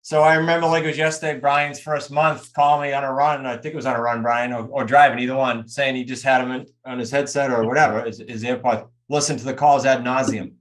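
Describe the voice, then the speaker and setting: A man's voice: medium pitch, flat delivery, quick pace, few pauses. Guy running a group coaching call, punchy and direct, talking to the group. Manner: emphatic, talks straight to the group. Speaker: real estate coach.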